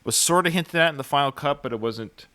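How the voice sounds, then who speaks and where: A man's voice: a little high, quick pace, sharp tone, dry recording. A man co-hosting a casual film podcast, talking hesitantly with frequent restarts and filler words. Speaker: podcast host.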